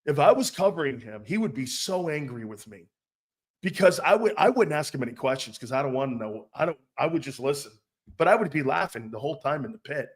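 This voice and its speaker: A man's voice: on the high side, sing-song, a little fast, husky. A man hosting a sports talk show, ranting in a blunt, profane, mocking way and laughing often. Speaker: host.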